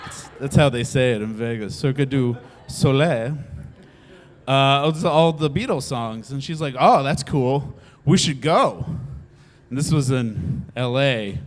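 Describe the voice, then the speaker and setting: Animated man telling a comic story. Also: medium pitch, unhurried. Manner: animated, laughs often, acts out quotes. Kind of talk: live comedic storytelling.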